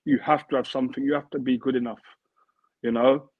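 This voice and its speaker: A man's voice: mid-range voice, fairly even intonation, fairly quick, vocal fry, no echo. A man in his thirties, a former football player, talking earnestly as an interview guest and repeating himself as he builds a point. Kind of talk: casual interview chat. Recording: tinny phone-like remote line, dry.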